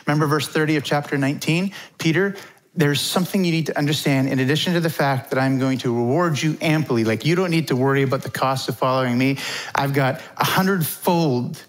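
A man's voice: mid-range voice, a little fast. A middle-aged man preaching a conversational sermon as pastor, informal and chatty. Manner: informal, chatty, acts out quotes.

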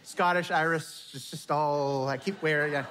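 A man's voice: on the high side, fairly even intonation, moderate pace, fairly bright tone, slight background noise. A man preaching a casual sermon, telling stories in a chatty, self-deprecating way and acting out bits of dialogue. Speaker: pastor. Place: church.

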